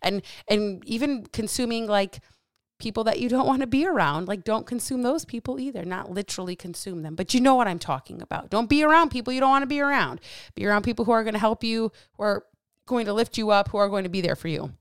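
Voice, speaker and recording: A woman's voice: a little high, fast talker, clear, resonant tone, no echo, clean studio sound. Blunt, fired-up woman coach. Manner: animated with hands. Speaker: podcast host and coach. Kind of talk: solo podcast monologue.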